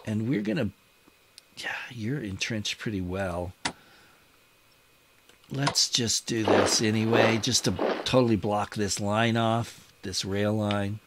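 A man's voice: lowish voice, slow pace, long pauses, very noisy. A man hosting a let's-play of a strategy wargame, thinking aloud as he moves and bursting into cheers when an attack pays off. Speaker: gaming channel host. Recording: loud game battle sounds behind voice. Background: loud artillery and gunfire from the game.

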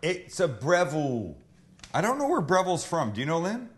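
A man's voice: on the high side, wildly swooping pitch, moderate pace. A man hosting a casual cooking livestream from a kitchen, joking with his crew and swearing loosely. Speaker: cooking show host.

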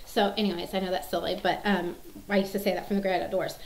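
A woman's voice: mid-range voice, flat delivery, fast, a little mellow. Chatty mom in her 30s rambling on, lots of ums, echoey room. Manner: chatty, rambling, many fillers and restarts. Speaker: mom sharing favorite movie quotes. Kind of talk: casual chat to camera.

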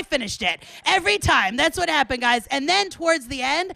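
A woman in her thirties hosting a live club show, loud and excitable, often laughing and chatting with the crowd. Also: high voice, fast talker, creaky, hardly any pauses, no room sound. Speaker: comedian host. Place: small club, indoors.

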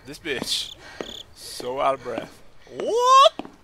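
A man's voice: a little high, big pitch swings, a little slow, heavy background noise. Profane man muttering through a horror game. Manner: muttering and swearing to himself while playing. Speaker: gamer. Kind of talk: horror let's play commentary.

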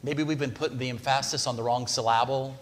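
Male pastor, sermon in a church sanctuary, conversational, mid-pitched voice, long hall reverb. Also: steady tone, quick pace, slight background noise. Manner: conversational, asks the congregation questions.

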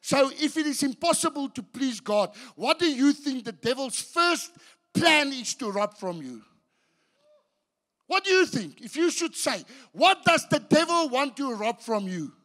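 Bright high-voiced preaching man. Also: sing-song, unhurried. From South Africa. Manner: impassioned preaching, swinging from hushed to shouted; restarts and repeats words mid-sentence. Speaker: pastor. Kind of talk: sermon. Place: church.

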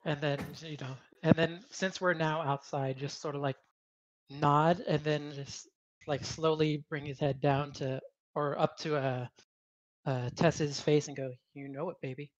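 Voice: medium pitch, level tone, unhurried, no room sound, muffled recording. A player in a tabletop game describing his character's actions in a hesitant, trailing way.

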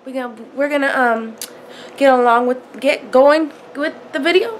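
A young woman, hoarse from a cold, chatting sassily to her phone camera and calling her viewers honey. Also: high voice, moderate pace, slight background noise. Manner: sassy, playful, addresses viewers as honey and y'all. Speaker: jewelry vlogger. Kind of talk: casual chat to camera. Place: small room at home. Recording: echoey room with faint ambience.

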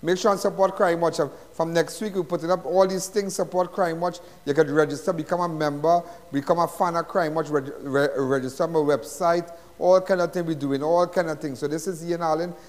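A man's voice: a little high, fairly even intonation, a little fast, few pauses, big-room sound. A middle-aged man with a Trinidadian accent hosting a live crime talk show, chatty and emphatic, repeating his phrases in a folksy way.

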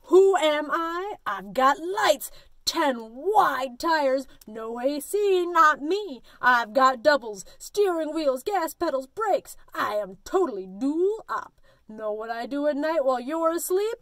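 A woman reading a picture book aloud and voicing a boastful, hungry garbage truck that talks in bold, drawn-out lines. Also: high-pitched, big pitch swings, fairly bright tone, no room sound, full character voice. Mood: boastful, gleeful.

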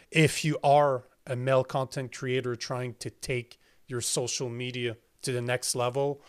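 A man with a French accent hosting his podcast, blunt and emphatic and swearing casually. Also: medium pitch. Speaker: podcast host. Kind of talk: casual interview talk.

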